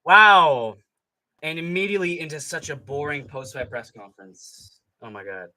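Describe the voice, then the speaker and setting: A young man hosting a live fight reaction stream with a bright, fairly high voice. He rants in a sarcastic, profane way, and his pitch swings widely from line to line. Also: very animated, normal speed. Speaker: streamer host.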